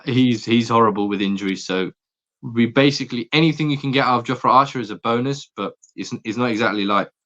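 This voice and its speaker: A man's voice: medium pitch, fairly bright tone. A man talking sport as a podcast guest, opinionated and stumbling over his words in casual chat. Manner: opinionated, quick restarts and stammers. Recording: dull lo-fi sound.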